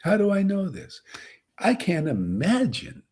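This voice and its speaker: A man's voice: sits high, huge pitch swings, a little slow, a little mellow, slightly rough. A man giving a rambling, casual devotional talk as a spiritual teacher.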